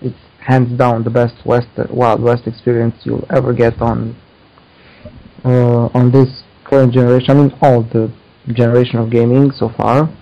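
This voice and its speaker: A laid-back man in a casual podcast chat, with a flat, mellow voice. His audio sounds dull and lo-fi. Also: medium pitch, normal speed. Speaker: podcast co-host.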